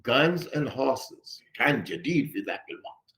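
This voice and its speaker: A man's voice: medium pitch, expressive, quick pace, sharp tone. A man giving a religious lesson in a mosque, firing rhetorical questions at his listeners and repeating phrases for emphasis. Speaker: religious teacher. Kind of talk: classroom-style religious lesson. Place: mosque hall.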